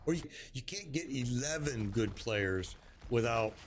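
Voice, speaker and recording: A man's voice: medium pitch, expressive, measured pace, slight background noise. A man in his sixties, streaming a game and chatting casually, often chuckling and telling stories with playful quoted voices. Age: 60s. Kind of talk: casual chat while gaming.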